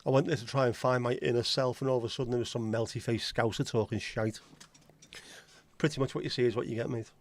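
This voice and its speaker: A man's voice: mid-range voice, fairly even intonation, fast. A man with a Liverpool accent hosting a casual livestream chat, joking, swearing freely and greeting viewers by name. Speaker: livestream host.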